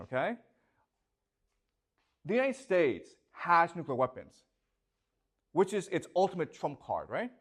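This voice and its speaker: A male professor giving a classroom lecture, emphatic and questioning, who keeps checking in with the class. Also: fairly high pitch.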